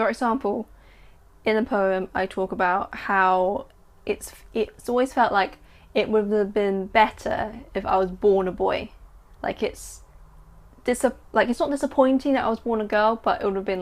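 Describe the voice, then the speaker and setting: A chatty woman talks eagerly about her writing, often bursting with excitement. Her voice sits at a medium pitch. She then reads aloud from her own story. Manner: excitable, chatty, filler-heavy. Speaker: writer and vlogger. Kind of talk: casual chat and story reading.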